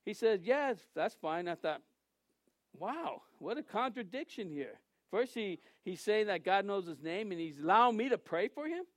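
A man's voice: high-pitched, very animated, moderate pace, dry recording. A male pastor giving a sermon in a conversational, storytelling way that turns emphatic at times.

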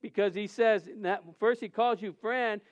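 A man's voice: high voice, steady tone, a little slow, lo-fi sound. A man who is a pastor, preaching a sermon and telling a funny personal story, acting out the dialogue and laughing often.

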